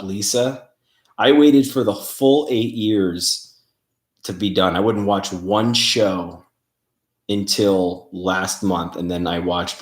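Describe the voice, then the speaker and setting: A man hosting a casual livestream, rambling and laughing as he reads viewer comments. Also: sits low. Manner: rambling, laughs often, many fillers. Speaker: paranormal show host. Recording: roomy echo.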